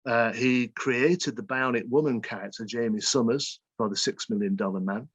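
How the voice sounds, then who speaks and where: A man's voice: mid-range voice, normal speed, husky, dry recording. A man from England with a mixed Salford and Bolton accent, a guest author telling stories in an interview. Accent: northern English, Salford and Bolton mix. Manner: storytelling, imitates dialect phrases. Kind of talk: interview conversation.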